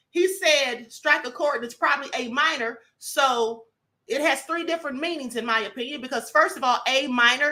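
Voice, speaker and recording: Woman, high voice, livestream host, chatty, emphatic commentary. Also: sharp tone. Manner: chatty, emphatic, checks in with the audience. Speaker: live stream host. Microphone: computer mic on live stream.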